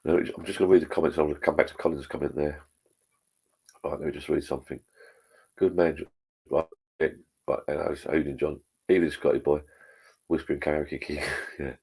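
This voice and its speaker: A man's voice: extremely low pitch, creaky, a little mellow, slightly rough. A middle-aged man hosting a live stream, chatting bluntly with plenty of swearing and reading out viewer comments. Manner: blunt, sweary, rambling pub talk.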